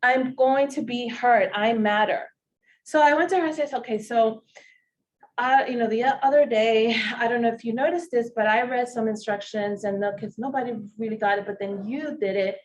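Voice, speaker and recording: A woman with a non-native English accent telling a personal story in a talk, animated and emotional. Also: a little high, normal speed. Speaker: social work presenter. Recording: distant mic, faint hiss.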